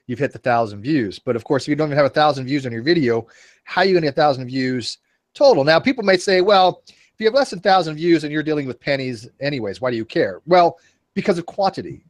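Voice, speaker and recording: A man's voice: a little high, animated, fast talker, no echo. A man in his forties hosting a casual panel chat, rambling and joking at his own expense. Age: 40s. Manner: rambling, joking, self-mocking. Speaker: host.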